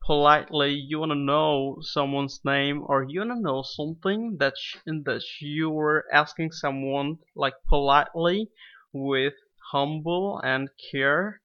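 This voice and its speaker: Male English teacher, slightly high, bright voice; slow, patient explanations that repeat each example, dull lo-fi mic. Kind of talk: explanatory online lesson.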